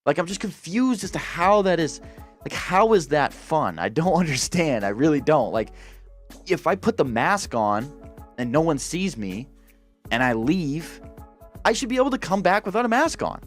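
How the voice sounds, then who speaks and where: A man's voice: a little high, very animated, moderate pace, soft background music. A man hosting a gaming channel, ranting casually and profanely, exasperated and full of restarts.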